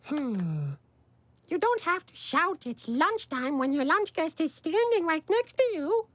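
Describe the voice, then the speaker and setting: A high, prim cartoon mouse. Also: female voice, very animated, measured pace, no echo. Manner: patient, gently correcting, giggly. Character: prim little mouse teaching manners. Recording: cartoon soundtrack with music.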